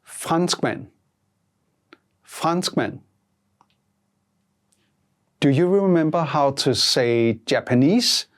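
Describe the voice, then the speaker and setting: Slow, measured language-lesson voice. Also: medium pitch, lively intonation. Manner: slow, measured prompts, repeating each word twice. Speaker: language teacher.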